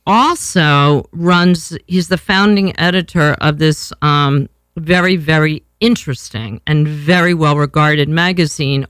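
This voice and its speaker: A woman's voice: deep voice, a bit bright, no room sound. A woman, hosting a casual talk show in a brash, rambling way, swearing freely. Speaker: podcast host.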